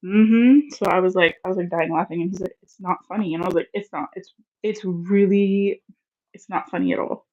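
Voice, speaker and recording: A woman's voice: fairly low pitch, normal speed, darkish tone, muffled recording. A woman in her thirties, co-hosting a casual live chat, telling stories in a chatty way and laughing easily. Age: 30s. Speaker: co-host of a live stream.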